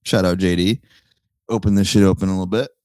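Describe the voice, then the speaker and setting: A man's voice: sits low, fairly even intonation, fast talker, darkish tone, no room sound, clean studio sound. A man in his thirties hosting a solo podcast, rambling and swearing casually, laughing at his own jokes. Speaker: podcast host.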